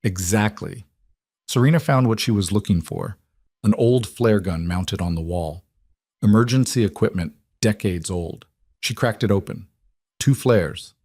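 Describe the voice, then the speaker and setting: A man narrating a dramatic story in steady, scripted storytelling. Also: fairly low pitch, moderate pace, no room sound, studio quality.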